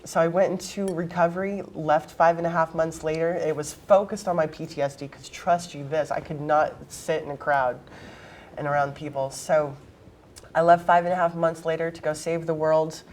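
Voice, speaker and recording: A woman guest in an interview, telling her life story in a blunt, emphatic, quick way. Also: low-pitched, steady tone, darkish tone, a little hiss or hum.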